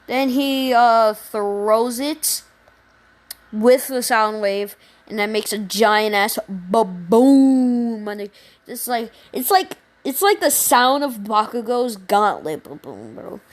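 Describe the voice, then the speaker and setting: A woman casually retelling a fan story, rambling, slangy and profane, with frequent laughs. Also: on the high side.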